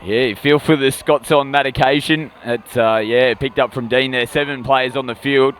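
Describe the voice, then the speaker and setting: A man giving calm, analytical color commentary at a live sports match. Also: mid-range voice, slight background noise. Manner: measured, analytical breakdown of plays. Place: outdoor sports venue.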